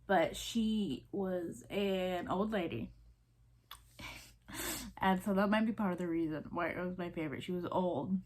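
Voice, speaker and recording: Speaking at a measured pace in a lowish, slightly mellow voice, this young woman in her 20s has a Southern American accent. She's a vlogger in casual chat with her viewers, rambling through many fillers like um and like, and starting over mid-sentence.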